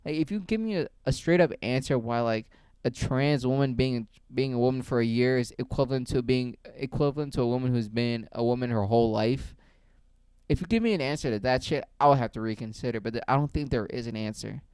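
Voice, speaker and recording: Heated profane rant, male voice, smooth clean tone, dry close sound. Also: medium pitch, a little fast, a little mellow, no room sound. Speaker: video creator.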